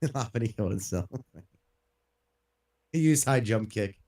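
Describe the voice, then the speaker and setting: A man's voice: fairly low pitch, animated, measured pace, dark tone. A man streaming a video game, chatting casually in a rambling, profane way and laughing often. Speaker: gaming streamer. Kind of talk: casual let's-play commentary.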